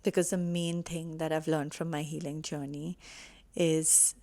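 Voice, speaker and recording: A woman's voice: low voice, level tone, a little slow, dark tone. A woman talking to camera, earnest and reassuring as she shares personal advice. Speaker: vlogger sharing personal healing advice. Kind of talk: casual heartfelt talk to camera.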